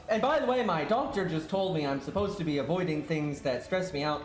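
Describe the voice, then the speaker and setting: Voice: mid-range voice, very animated, brisk, hardly any pauses, roomy sound, soft background music. A streamer on a livestream, ranting, swearing and stammering out of exasperation. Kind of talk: livestream rant.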